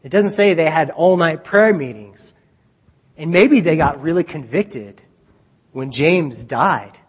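A male preacher giving an animated sermon, retelling a story and acting out the scenes. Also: a little high, takes it slowly, slightly rough. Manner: animated, acts out scenes, chuckles at own jokes. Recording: dull reverberant hall recording.

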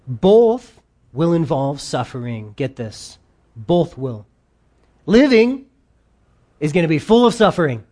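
A pastor preaching a sermon, reading scripture aloud and explaining it, with emphatic stresses that drop into quiet asides. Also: medium pitch, sing-song, slow, pauses often.

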